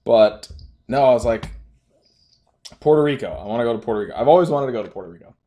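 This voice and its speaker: A man's voice: medium pitch, expressive, fast talker, warm tone. A young man chatting casually about trading, easygoing, laughing often and trailing off into loose phrases. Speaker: trader. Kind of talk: casual chat.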